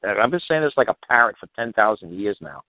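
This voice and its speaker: A man's voice: lowish voice, expressive, fast, no room sound. A man talking on a call-in radio show, explaining legal matters in a blunt, exasperated, repetitive way, with some cursing. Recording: tinny phone line, dry.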